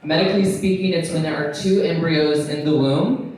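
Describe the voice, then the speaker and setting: A man's voice: on the high side, normal speed, darkish tone. A man doing a stand-up set, playful and self-mocking, laughing at his own jokes. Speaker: stand-up comedian. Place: nightclub stage. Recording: echoey club from far off, audience audible.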